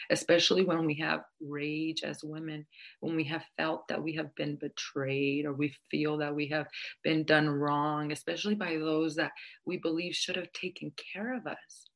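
Low-voiced woman telling a moral tale. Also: fairly bright tone. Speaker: storyteller. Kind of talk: oral storytelling with a moral lesson.

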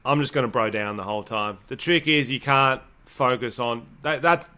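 A young Australian man co-hosting a podcast, talking in loose, rambling banter. His humor is crude and he swears freely, and his pitch sits in an ordinary middle range. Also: normal speed, pushed and bright. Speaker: podcast co-host.

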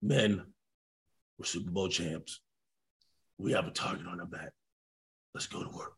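A man imitating a deep quiet football coach. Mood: solemn. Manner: slow, quiet, commanding. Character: gruff low-voiced older male football coach.

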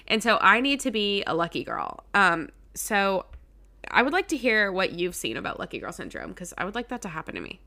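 A woman's voice: mid-range voice, very animated, a little fast, gravelly, bright, forceful tone. A young woman co-hosting a podcast, chatting casually with lots of "like" and "um". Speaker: podcast co-host.

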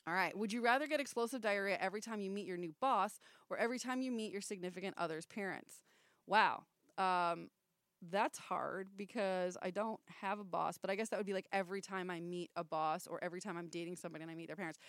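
A woman's voice: medium pitch, fast, a bit bright, no echo. A young woman hosting a loose chat among friends, teasing and blunt, with plenty of swearing. Her voice sounds dry and close, with no room around it. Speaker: podcast co-host.

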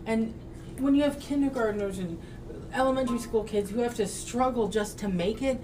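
A woman's voice: fairly high pitch, normal speed, reverberant, distant mic, background noise. Earnest woman guest, set back from the mic. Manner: earnest, storytelling. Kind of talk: casual political chat.

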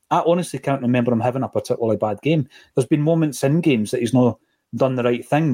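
A middle-aged Scottish man hosting a football podcast, chatting in a casual, opinionated way with quick asides. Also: mid-range voice, warm tone. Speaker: podcast host.

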